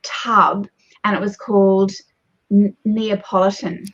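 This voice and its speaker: A woman, a guest coach speaking in animated conversation, shifting her pace and loudness as she explains. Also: medium pitch, slow pace. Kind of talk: conversational advice. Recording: dull, muffled lo-fi audio.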